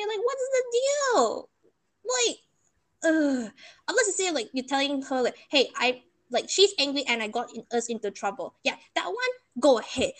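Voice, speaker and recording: A woman's voice: high voice, a bit bright. A young woman, chatting casually and emotionally retelling a bad experience. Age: young adult. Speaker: storyteller. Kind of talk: casual chat.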